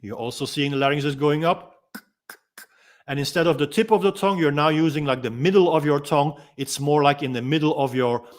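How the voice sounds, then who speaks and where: A freediving instructor calmly explaining and demonstrating techniques in a gentle, unhurried way, pausing often with ums. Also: male voice, medium pitch. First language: Dutch. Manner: calm, gentle explaining with frequent ums and pauses.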